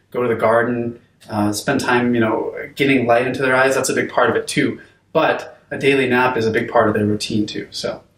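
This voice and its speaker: A man's voice: mid-range voice, reverberant, far from the mic. A man teaching a video course on sleep, talking conversationally with frequent fillers and restarts. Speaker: course instructor. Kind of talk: unscripted video lesson.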